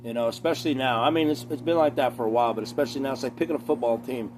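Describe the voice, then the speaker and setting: A man's voice: mid-range voice, rapid-fire, background noise. Man ranting profanely over a few beers. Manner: profane, rambling, digressive. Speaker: vlogger. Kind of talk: casual rambling rant.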